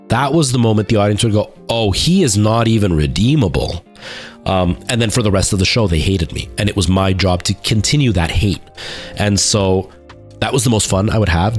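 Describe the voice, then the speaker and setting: A man with a lowish voice chats loosely on his stream, circling back and restarting his sentences as he tells a story. Faint music plays quietly behind him. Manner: rambling storytelling with many fillers and restarts. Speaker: live streamer. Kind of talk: casual chat.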